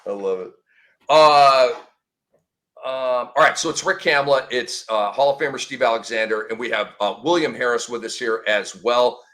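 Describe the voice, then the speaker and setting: An excitable man hosts a casual sports podcast chat. His voice is bright and ringing at a middle pitch, and he throws in exclamations as he talks. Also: moderate pace. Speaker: show host.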